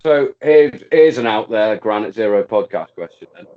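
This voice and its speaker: A man's voice: fairly low pitch, lively intonation, moderate pace, phone-quality sound. A man co-hosting a podcast in casual chat, rambling and searching for his words in a matey way.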